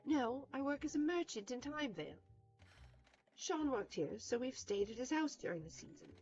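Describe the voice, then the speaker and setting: A woman's voice: high-pitched, animated, moderate pace, a little mellow, muffled recording, soft background music, pitched above the performer's own voice. A woman voicing a prim grown woman in a mock British accent, with a condescending tone but sincere words. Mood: polite. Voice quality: condescending tone, exaggerated posh diction.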